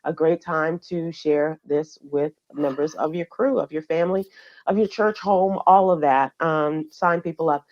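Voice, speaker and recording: Woman, low voice, radio host, casual news chat, halting delivery, slightly muffled audio. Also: steady tone, a little mellow. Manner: conversational, halting with fillers.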